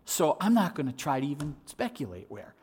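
A male pastor preaching a sermon in an animated way, acting out voices and repeating words as he restarts. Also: a little high, a little fast, husky.

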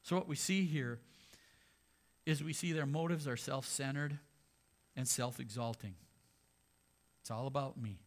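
A man, a pastor, preaching a sermon in a conversational way, with sarcastic asides. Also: medium pitch.

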